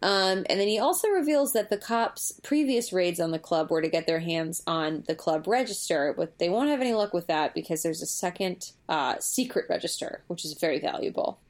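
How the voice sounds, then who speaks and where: Lively, chatty woman podcaster. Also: lowish voice, moderate pace, hardly any pauses. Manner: chatty and playful, recapping the plot with jokey asides. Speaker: podcast co-host recapping a TV episode. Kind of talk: casual chat.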